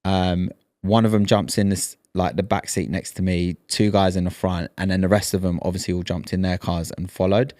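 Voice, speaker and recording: Man in his thirties, deeper voice, dry close sound, animated storyteller, podcast co-host. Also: moderate pace, no echo. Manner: animated storyteller, acts out quoted lines. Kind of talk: casual storytelling chat.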